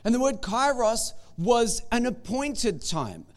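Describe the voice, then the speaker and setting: A man's voice: very high voice, big pitch swings, slow. A man giving a sermon as pastor, in a conversational, joking way and often repeating words. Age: young adult or middle-aged.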